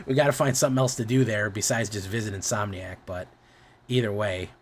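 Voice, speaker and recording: A male streamer talks in loose, meandering chat with his audience. His voice sits on the low side. He swears freely and keeps doubling back to fix what he just said. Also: steady tone, fairly quick, slight background noise. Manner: rambling, swears casually, self-correcting.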